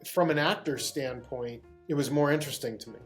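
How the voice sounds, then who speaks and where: A guest actor from Pittsburgh, USA, speaks in a mid-range, slightly fast voice over soft background music. In an interview he tells a long, rambling anecdote full of restarts and bursts of laughter.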